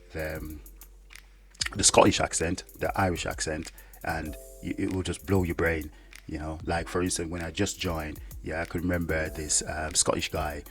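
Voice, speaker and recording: A man who is a soldier, talking casually to the camera in a rambling way, with lots of "yeah" fillers. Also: rumbling low. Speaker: soldier and vlogger.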